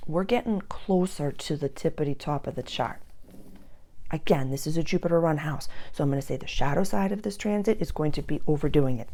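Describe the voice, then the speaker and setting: A woman's voice: low voice, gravelly, warm tone. A woman giving an earnest spiritual astrology talk to her listeners. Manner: earnest, drops to a whisper for emphasis.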